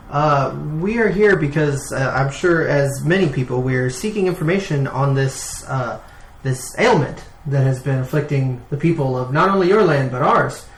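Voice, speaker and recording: A man's voice: mid-range voice, slight background noise. A man playing a tabletop game, talking hesitantly with many fillers, recorded in a roomy space. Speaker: player.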